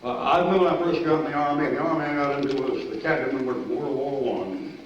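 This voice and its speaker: An older man preaching a sermon, telling army stories in a folksy, animated way, with sudden shouts and laughs. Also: on the high side, quick pace, a little hiss or hum. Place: church sanctuary. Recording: echoey distant church recording, dull and lo-fi.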